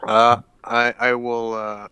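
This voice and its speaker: A man's voice: medium pitch, completely flat delivery, slow pace, bright, forceful tone, smooth, no room sound. A man playing a tabletop game, giving short, eager reactions and questions. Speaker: player. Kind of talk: casual tabletop play.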